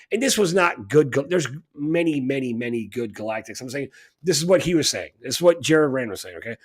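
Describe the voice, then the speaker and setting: A man co-hosting a talk radio show, telling long rambling stories that turn heated. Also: on the high side. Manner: rambling storytelling with heated bursts. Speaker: co-host. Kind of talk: casual talk radio chat.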